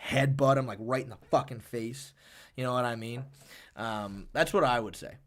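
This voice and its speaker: A man's voice: medium pitch, normal speed. A man hosting a casual live stream, reading chat messages and rambling animatedly with plenty of swearing. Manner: animated, rambling, swears often, reads chat donations aloud. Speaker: streamer and MMA analyst.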